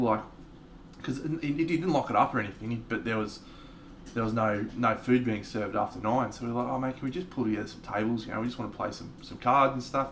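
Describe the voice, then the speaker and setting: Australian male streamer, loose profane storyteller, mid pitch, faint ambient noise behind. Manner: rambling, profane, frequent restarts. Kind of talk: casual storytelling on a live stream.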